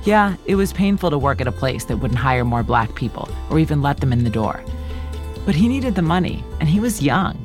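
A reporter narrating a documentary podcast story in a conversational, plainspoken way. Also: medium pitch.

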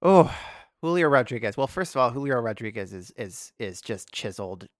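A man guesting on a podcast, chatting casually, animated and laughing often. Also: medium pitch, moderate pace, no echo, clean studio sound. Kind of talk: casual comedic chat.

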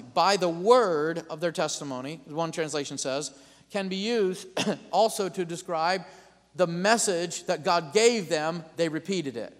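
A man preaching a sermon as pastor, calling out amens and building to loud declarations. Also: high-pitched, big-room sound.

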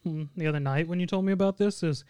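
Joking man chiming in, smooth voice. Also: on the high side, quick pace, dark tone, no room sound. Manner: joking, interjecting. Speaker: podcast co-host. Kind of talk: casual chat.

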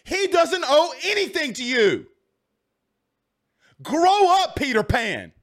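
A man's voice: extremely high pitch, huge pitch swings, measured pace, a bit bright. A man, ranting about sports straight at his audience in a heated, repetitive way. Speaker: sports talk host. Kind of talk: casual ranting commentary.

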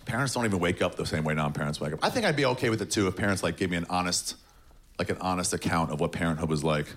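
A man doing a stand-up comedy set in front of a live audience, with a deadpan, sarcastic delivery. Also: deep voice, rapid-fire. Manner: deadpan, sarcastic, mocking voices of others.

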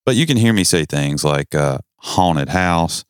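A man's voice: extremely low pitch, big pitch swings, a little fast, smooth, no room sound, clean studio sound. A middle-aged man from the North Carolina mountains with a Southern accent, co-hosting a podcast in joking, rambling casual chat. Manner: joking, rambling, self-deprecating. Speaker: podcast co-host.

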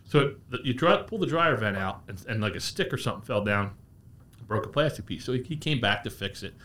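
A man's voice: medium pitch, animated, brisk, fairly bright tone. A man speaking as a guest in a casual interview, telling stories with lots of restarts. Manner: anecdotal, many restarts and "he goes". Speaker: guest, brand representative.

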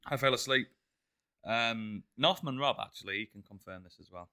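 Jokey guy on a podcast, real bright sharp voice, blunt. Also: mid-range voice, moderate pace, clean tone. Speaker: podcast co-host. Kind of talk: casual banter.

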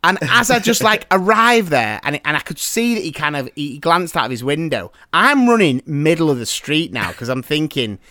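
A man in his thirties tells an animated anecdote as a podcast host, his voice sitting a bit high for a man. The sound is dry and close, with hardly any room around it. He talks in a lively, conversational way. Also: moderate pace, few pauses, no room sound. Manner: animated storyteller. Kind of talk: casual chat. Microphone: remote call.

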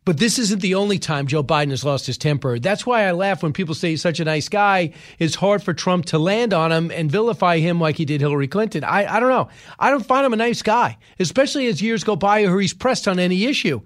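A man's voice: high voice, expressive, a little fast. A man hosting a show, delivering opinionated commentary with emphatic rhetorical questions.

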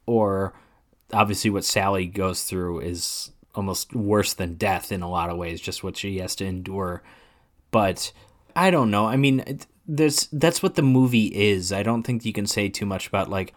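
A man co-hosting a casual movie podcast, animated and laughing often, trailing off quietly at the ends of thoughts. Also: sits low. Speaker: podcast co-host. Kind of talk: casual chat.

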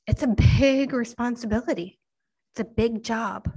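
Slow, earnest woman giving a devotional talk. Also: a little high, slightly rough, poor audio. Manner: earnest, slow and emphatic, drops to a hushed near-whisper at times. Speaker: Christian speaker to mothers.

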